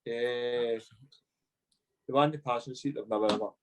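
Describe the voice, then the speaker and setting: A man with a Scottish accent, a podcast guest, telling a sweary anecdote in a lively way and acting out the other people's lines. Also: medium pitch, normal speed, a little hiss or hum, rough recording. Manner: animated anecdote-telling, sweary, acts out dialogue. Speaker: podcast guest, former footballer. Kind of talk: casual storytelling chat.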